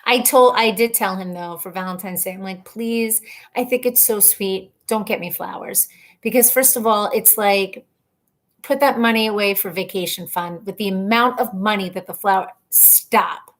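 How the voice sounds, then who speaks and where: A woman's voice: mid-range voice, normal speed. A woman in her thirties hosting a casual live stream from home, reading viewer comments aloud in a chatty, rambling way and laughing at herself. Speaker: livestream host.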